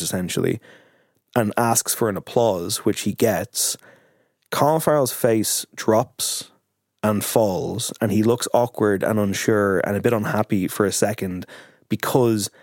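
Dry-sounding man telling animated stories. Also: on the low side, no room sound. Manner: animated, emotional storytelling. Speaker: podcast guest, journalist. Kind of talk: casual podcast chat.

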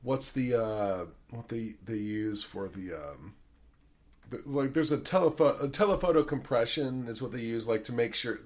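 A man's voice: medium pitch, expressive, normal speed, darkish tone. Rambling, swearing male podcast host. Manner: rambling, swears a lot, many fillers. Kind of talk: casual chat.

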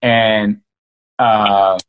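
A man, an author and guest, telling a casual, animated story and speaking straight to his listeners. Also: fairly low pitch, drawn-out words, clear, resonant tone, dull audio. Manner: animated, addresses listeners as "y'all".

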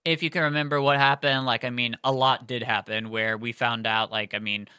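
Gushing podcast co-host, bright voice. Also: medium pitch, flat delivery, brisk, clear, resonant tone, dry recording, clean studio sound. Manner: gushing, lots of fillers and "like". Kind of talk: excited casual chat and read-aloud.

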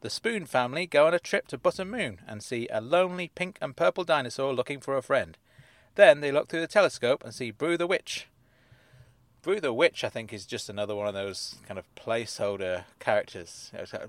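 A man with a mid-pitched voice reads out episode synopses and then mocks them with dry, sarcastic asides. The sound is close and dry, with no room around it. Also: lively intonation, fairly quick, a bit bright, no room sound. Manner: dry, sardonic asides with chuckles. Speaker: host reading and riffing on episode synopses. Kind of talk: casual comic commentary.

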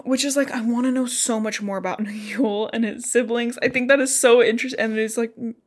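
A woman's voice: fairly high pitch, fairly even intonation, brisk, soft background music. A young woman co-hosting a casual book podcast, chatty, recapping plot with offhand opinions. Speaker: podcast co-host.

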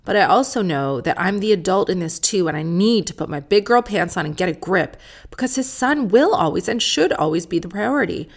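A woman talks through a casual solo podcast, candid and sardonic and not shy of swearing. Her voice sits on the low side and carries a steady gravelly fry. She reads listener letters in the same easy, blunt way she chats. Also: a little fast. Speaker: podcast host.

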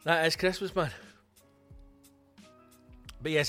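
A Scottish man hosting a comedy podcast, ranting in an animated, sweary monologue. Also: on the high side, moderate pace, music in the background. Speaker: comedian host.

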